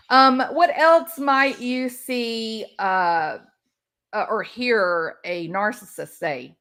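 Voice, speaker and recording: A woman commentator talks casually to her viewers, her fairly high voice swooping up and down. She is sarcastic and laughs often. Her pace is slow and unhurried. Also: very animated, bright, forceful tone. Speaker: YouTube commentator.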